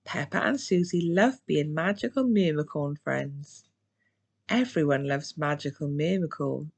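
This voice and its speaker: A British woman reading a children's storybook aloud, slow and expressive. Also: low voice, creaky. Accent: British English. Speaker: children's book reader.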